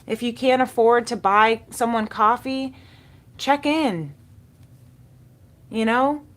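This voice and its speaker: A woman's voice: fairly high pitch, slow, fairly bright tone. A woman giving a spiritual tarot reading, speaking in a soothing, encouraging way and repeating key words. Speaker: tarot reader.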